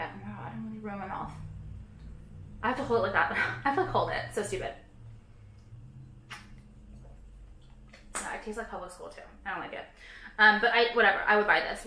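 A woman's voice: medium pitch, fairly quick, long pauses, pushed and bright, reverberant. A woman vlogging casually, ranting about products with heavy swearing, sarcasm and lots of "like". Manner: profane, sarcastic, frequent "like".

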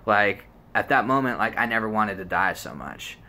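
A man's voice: lowish voice, expressive, moderate pace, pushed and bright. A young man telling a personal story in a rambling, casual way, full of fillers and swearing. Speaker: vlogger.

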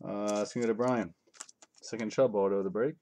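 This man's fairly low, darkish voice stays steady even as he talks fast. Hosting a live card break at home, he offers casual, rambling commentary and calls out each card as he opens the packs.

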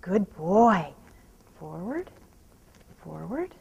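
A woman horse trainer talking out loud while she rides, softly praising the horse and explaining each step. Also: on the low side, very animated, drawn-out words, vocal fry, breathy edge, muffled recording. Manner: soothing praise to the horse, mixed with quiet running explanation. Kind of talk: narrating while riding.

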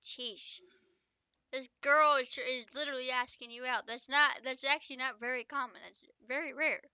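Bright, chatty woman reading her own story. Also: high voice, fairly even intonation, normal speed, smooth, no room sound. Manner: chatty, breaks off to joke and comment. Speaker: author reading own book. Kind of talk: casual story reading with asides.

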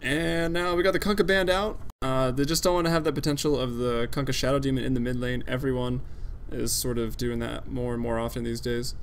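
Working solo, a male esports caster gives brisk play-by-play of a draft in a steady, medium-pitched voice. His commentary is casual and analytical, sprinkled with frequent fillers.

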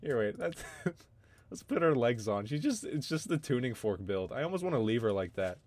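A young man commentating his game on a livestream, excitable and swearing, with quick outbursts of frustration. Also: mid-range voice, no room sound. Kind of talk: casual gaming livestream commentary.

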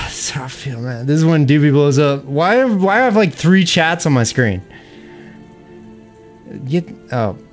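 A young man streaming a game live, chatting with viewers, laughing, venting frustration and swearing. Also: a little high. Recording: faint music behind.

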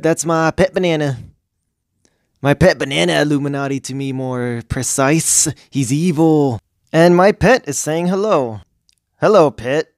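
A man's voice: on the high side, no room sound, clean studio sound. A man giving casual, jokey gameplay commentary as a gaming YouTuber, rambling and easily sidetracked.

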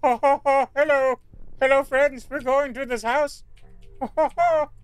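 A man putting on a jolly, booming greeter who laughs "ho ho ho" in a mock-cheerful way. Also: steady tone, a little slow, no echo.

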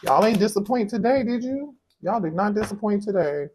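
A man doing a casual tarot reading for his viewers, animated and exclaiming, talking straight to them. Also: high voice, a little fast, noisy background. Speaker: tarot reader.

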